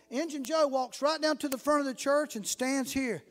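A man preaching a sermon, telling stories and rising to fervent shouts. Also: extremely high pitch, steady tone, moderate pace. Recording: long reverb in a hall.

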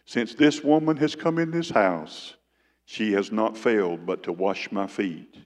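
A calm, authoritative scripture teacher, as a preacher voices him, slow and deliberate, with weight on each word. The low voice carries a long echo through the church. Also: male voice, natural voice. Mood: measured. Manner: slow, deliberate, emphatic quoting.

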